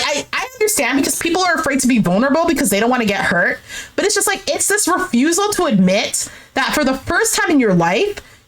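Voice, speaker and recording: A young woman doing a recap of a dating show, reacting with exasperation and swearing, and acting out the cast's lines in a lower voice. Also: fairly bright tone. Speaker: recap streamer. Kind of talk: animated reaction commentary.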